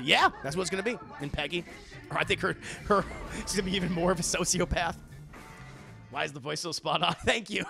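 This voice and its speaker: Animated rambling young streamer, gravelly. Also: male voice, a little high. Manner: rambling, animated, laughs often, swears. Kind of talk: casual chat with live chat.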